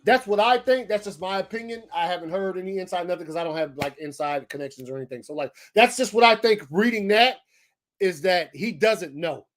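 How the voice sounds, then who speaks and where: A man hosting a show and giving casual commentary on movie news, animated, slangy and often profane as he thinks aloud. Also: high-pitched, a little fast, faint music behind. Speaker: pop-culture show host.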